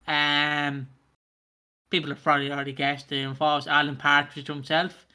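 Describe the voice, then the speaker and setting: A man's voice: a little high, completely flat delivery, normal speed, sharp tone, smooth. A man hosting a casual podcast chat, jokey and rambling, swearing now and then. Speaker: podcast host.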